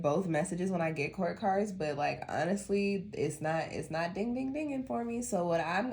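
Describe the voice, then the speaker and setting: A woman's voice: sits low, darkish tone, slight background noise. A woman from Denver with a Colorado accent, a tarot reader chatting in a rambling, sleepy way, with a slight lisp. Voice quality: slight lisp when tired. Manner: rambling, chatty, laughs often. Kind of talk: casual monthly tarot reading.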